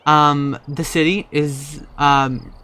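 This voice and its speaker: A young man casually commenting on a life-simulation game, rambling, swearing often and breaking into loud startled outbursts. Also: on the high side, little pitch movement, takes it slowly, clean tone. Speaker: gaming YouTuber.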